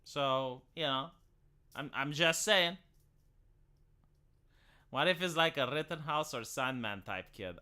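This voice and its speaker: A man's voice: a little high, slow, long pauses, pushed and bright, clean tone. A man, a live streamer rambling through an opinionated, sarcastic late-night rant, swearing casually as he goes.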